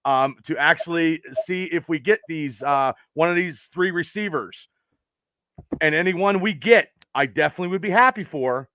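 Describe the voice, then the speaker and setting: A man's voice: a little high, normal speed, sharp tone, no echo, clean studio sound. A man as a podcast guest, talking in easygoing, upbeat casual chat.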